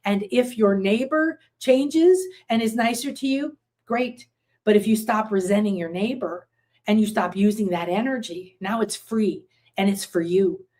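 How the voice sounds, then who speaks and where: Through a computer with screen sharing, a woman leads a live-streamed spiritual class, casual and chatty, responding to viewer comments she reads aloud. She rambles as she tells stories, often using fillers and restarting. Her voice is mid-range, a little mellow and a little slow.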